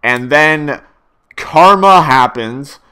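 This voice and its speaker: A man's voice: fairly high pitch, expressive, extremely slow, bright, forceful tone, clean tone. A young man giving a casual spoken video review, rambling with many fillers and restarts and swearing freely.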